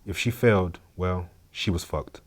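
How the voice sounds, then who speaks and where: A man narrating a story in a steady, measured, scripted way. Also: deep voice, slightly rough.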